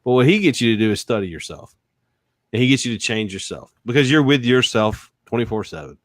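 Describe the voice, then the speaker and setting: A man, a sales and negotiation expert talking in an animated podcast interview, acting out quoted voices and laughing often. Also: medium pitch, brisk, no echo, clean studio sound.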